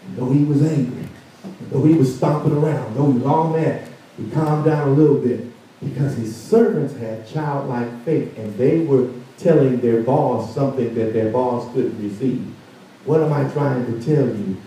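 Preaching pastor in an echoey church. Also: male voice, mid-range voice, normal speed, warm tone, slight background noise. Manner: preaches with rising fervor, acting out the story's characters. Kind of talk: sermon. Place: church sanctuary. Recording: distant mic in a very echoey church.

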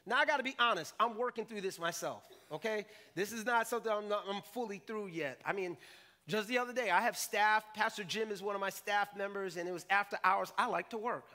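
High-voiced bright man preaching. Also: brisk. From Jamaican family roots. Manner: animated, jokey, acts out quotes. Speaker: pastor. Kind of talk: sermon. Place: church stage.

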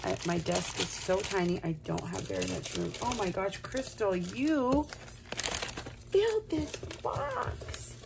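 Excited lady unboxing craft mail, lots of oh my goshes, gravelly, noisy background. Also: fairly low pitch, normal speed, hardly any pauses. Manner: gushing, gasping, repeated exclamations; drops to a whisper at times. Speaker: craft channel host. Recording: noisy room with paper crinkling.

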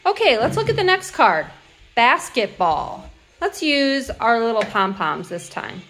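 A woman teacher showing hands-on classroom activities, sounding words out slowly and clearly. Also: on the high side, sing-song, fairly bright tone, soft background music. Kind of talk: instructional demo.

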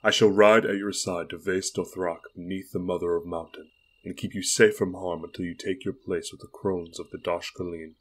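A man's voice: deep voice, fairly even intonation, normal speed. A man reading the part of a proud, dutiful male warrior in an audiobook, making blunt, firm statements.

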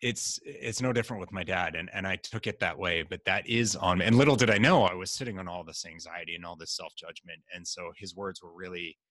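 A middle-aged man being interviewed, telling stories in a casual, animated way and acting out the voices of people he quotes. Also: deep voice, a little fast, hardly any pauses, no echo. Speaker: guest.

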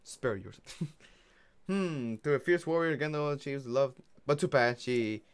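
A man's voice: fairly high pitch, a little slow, clear, resonant tone. A man streaming a video game, talking casually and rambling while often laughing at his own jokes. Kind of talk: casual gameplay commentary.

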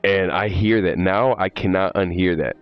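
A man's voice: low-pitched, normal speed, clear, resonant tone, no echo, muffled recording, soft background music. A man livestreaming a horror game, chatting loosely with viewers, swearing and sounding jittery. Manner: loose, profane, jittery, talks to chat. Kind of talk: casual live gameplay chat.

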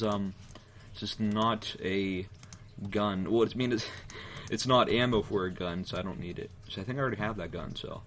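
Young male gamer, low-pitched, rambling let's-play talk, keyboard clicks behind. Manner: rambling, jumpy, yelps when startled. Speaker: gameplay commentator. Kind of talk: casual let's-play commentary.

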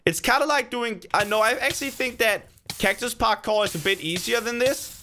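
A man giving casual let's-play commentary, excitable, talking to himself and cheering himself on, with sudden loud bursts of frustration and joy. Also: extremely high pitch, brisk, a little hiss or hum. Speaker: gaming video creator.

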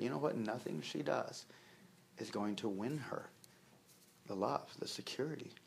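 This sermon comes from a man whose low voice has a creaky edge, with slight background noise in the recording. His delivery is chatty and funny, full of fillers and repetitions, and he acts out the quotes he shares.

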